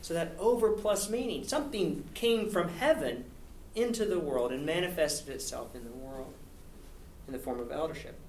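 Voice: mid-range voice, animated, moderate pace, darkish tone. A university lecturer giving an academic talk with slides, posing rhetorical questions and often tagging on "right?". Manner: poses rhetorical questions, frequent "right?" tag. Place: lecture hall at a podium. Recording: echoey hall, distant mic, faint hiss.

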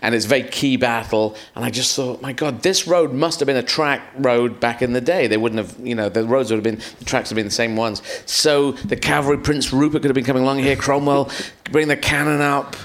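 A man, a comedian guest on a live podcast, telling rambling, animated stories full of acted-out quotes and swearing. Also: mid-range voice, brisk, hardly any pauses.

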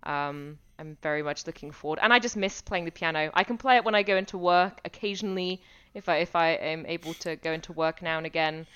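A woman with a lowish, smooth, resonant voice chats easily on a podcast, circling back over her own phrases and laughing lightly. She is a primary school music teacher telling stories from work. The recording sounds muffled and a little lo-fi. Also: quick pace, fairly bright tone. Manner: chatty, with frequent restarts and light laughs. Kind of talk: casual podcast chat.

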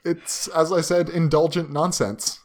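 A man's voice: on the high side, level tone, a little slow, darkish tone. A man co-hosting a podcast, recapping with dry, sarcastic humor. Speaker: podcast co-host. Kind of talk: casual chat.

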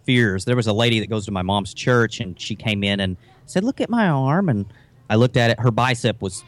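A man's voice: on the low side, fairly even intonation, fairly quick. A man from southeastern Kentucky with a toned-down Appalachian accent, telling stories in a laid-back way in casual podcast chat.

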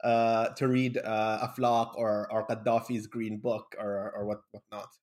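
A man's voice: fairly low pitch, flat delivery, unhurried, darkish tone. A young man from Bahrain, a podcast guest, talking casually and rambling with lots of fillers and restarts. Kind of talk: casual conversation.

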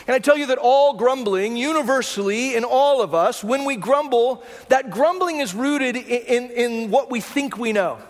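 A man's voice: very high voice, expressive, normal speed, few pauses, big-room sound. A man preaching a sermon as pastor, talking through the scripture in a conversational way and often checking in with the congregation. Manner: conversational preaching with rhetorical "right?" asides.

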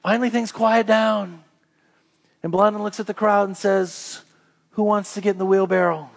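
High-voiced animated male pastor. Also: normal speed, creaky. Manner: animated storytelling, acting out crowd voices, then quiet and earnest. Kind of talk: sermon.

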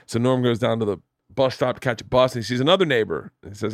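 A man hosting a podcast in casual chat, telling long jokes with lively voices and swearing freely. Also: medium pitch, fast talker, creaky, no echo, clean studio sound. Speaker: podcast host.

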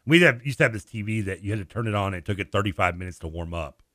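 Lively radio co-host man. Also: on the low side, racing, no echo, studio quality. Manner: animated storyteller, acts out voices and laughs. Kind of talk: casual radio chat.

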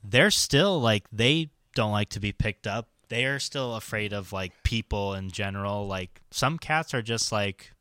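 Bright-voiced man in easygoing banter. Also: fairly low pitch, unhurried, few pauses, smooth, dry recording. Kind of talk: casual chat.

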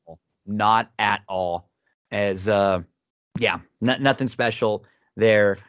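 A man's voice: on the low side, slow, a bit bright, no echo, studio quality. A man co-hosting a wrestling review podcast, giving opinionated casual commentary with frequent restarts.

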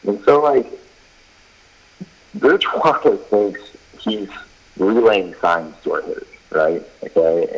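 Low husky man telling baseball stories. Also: highs cut off. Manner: rambling anecdotes full of fillers and quoted dialogue. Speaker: college baseball head coach. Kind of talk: casual podcast chat, storytelling.

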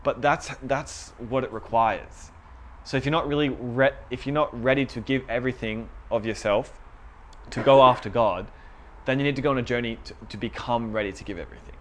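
A man's voice: mid-range voice, fairly quick, slight background noise. A young man giving a casual, conversational sermon to a small group, retelling a story with quoted voices.

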